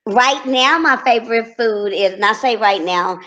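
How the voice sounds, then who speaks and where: A woman from Texas with a Texas accent, a guest in a casual interview, talking in a relaxed, easygoing way. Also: fairly high pitch, normal speed, rough recording. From Corsicana, Texas. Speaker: guest, reality TV personality.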